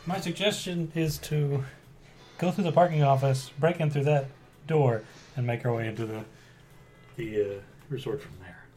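A man's voice: mid-range voice, normal speed, a little mellow, a little hiss or hum. Joking man planning moves at the table. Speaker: player. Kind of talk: casual tabletop play. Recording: background music.

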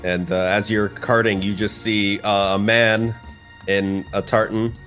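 A man's voice: on the low side, little pitch movement, unhurried, fairly bright tone. Man narrating as game master. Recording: faint background music.

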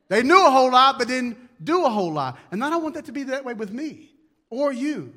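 A man's voice: very high voice, sing-song, a little fast, bright, forceful tone. A male pastor preaching a conversational sermon, repeating key words and acting out little asides.

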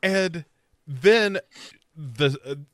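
A man's voice: a little high, animated, drawn-out words, no echo, clean studio sound. A man co-hosting a podcast, casually recapping a show and acting out quotes in a rambling, playful way. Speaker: podcast co-host.

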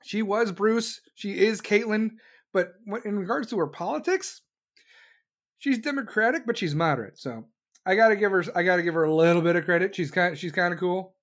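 A man's voice: sits high, brisk. A man delivering a profane, sarcastic political rant as commentator. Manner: angry, sarcastic, mocking.

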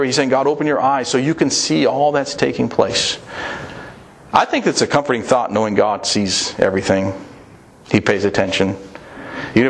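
A man preaching a sermon in an earnest, conversational way, often asking his listeners direct questions. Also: mid-range voice. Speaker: pastor.

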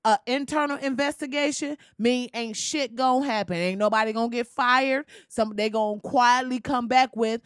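A young adult woman delivering a loud, profane comedic rant, laughing and swearing as she tells the story. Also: fairly high pitch, normal speed, hardly any pauses, clean tone, no room sound, clean studio sound. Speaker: commentator.

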